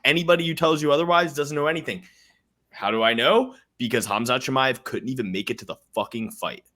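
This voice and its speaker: A man's voice: mid-range voice, fast talker, bright, forceful tone. A man co-hosting a sports betting podcast, brash, profane and emphatic in casual chat. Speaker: podcast co-host making fight picks.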